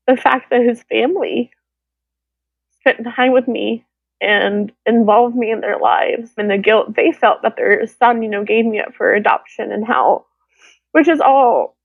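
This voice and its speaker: Gravelly and on the high side, this guest's voice carries her candid, emotional account of her life, with others' words acted out in their voices. It sounds like a dry, tinny phone call.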